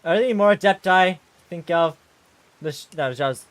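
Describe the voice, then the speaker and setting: Male streamer, slightly high voice, casual live commentary that flares into excited rants. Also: moderate pace, dry recording. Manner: excitable, ranting and exclaiming.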